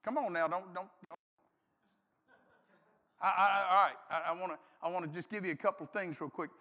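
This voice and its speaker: High-voiced preacher in a reverberant hall. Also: male voice, brisk, vocal fry. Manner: folksy, animated, shouts and laughs through stories. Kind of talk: sermon with storytelling.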